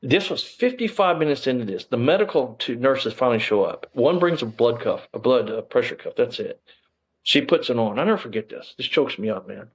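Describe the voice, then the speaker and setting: A man's voice: medium pitch, very animated, fairly quick, slightly rough. A middle-aged man, telling his story as an interview guest, bluntly and emphatically, with plenty of cursing and fillers. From Texas.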